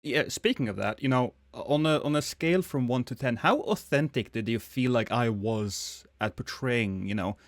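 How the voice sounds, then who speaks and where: A man's voice: mid-range voice, normal speed, hardly any pauses, dry recording. A man co-hosting an improvised comedy chat, playful, laughing often and setting up silly scenarios. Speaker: podcast co-host.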